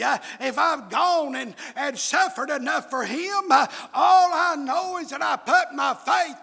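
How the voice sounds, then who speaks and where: A male preacher who preaches in bursts, shouting his emphatic lines, with many "uh" fillers. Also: very high-pitched, creaky. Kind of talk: fiery sermon. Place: church. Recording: echoey hall with long reverb.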